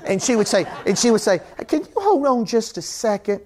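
A pastor delivers a sermon in church with a high-pitched, very animated, brisk and slightly mellow voice. He chats with the congregation and acts out little scenes, then builds into fervent repetition.

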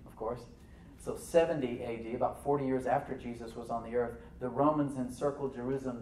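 A man preaching a sermon as pastor, animated, with rhetorical questions and soft asides to the congregation. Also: mid-range voice, roomy sound, distant mic, a little hiss or hum, low-quality recording. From United States.

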